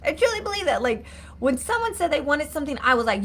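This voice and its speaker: A woman's voice: high-pitched, lively intonation, fairly quick, fairly bright tone, a little hiss or hum. A woman coach giving an earnest live-streamed motivational talk, repeating herself and asking viewers to comment. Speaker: mindset coach.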